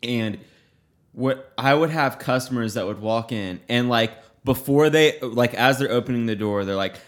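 A man's voice: mid-range voice, moderate pace. A man in casual podcast chat, laid-back and amused, giving blunt opinions. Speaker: podcast co-host.

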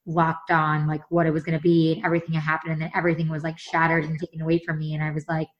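A woman in her thirties co-hosts a casual chat, telling stories animatedly and acting out what others said. Her low voice races along, captured with lo-fi sound.

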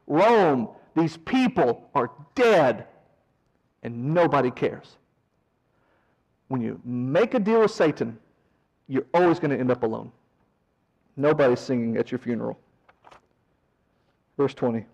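A man leading a verse-by-verse Bible study, animated, swinging from loud emphasis to quiet asides and mocking mourners in a whiny voice. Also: medium pitch, unhurried, long pauses, rough recording. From American South. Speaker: Bible teacher.

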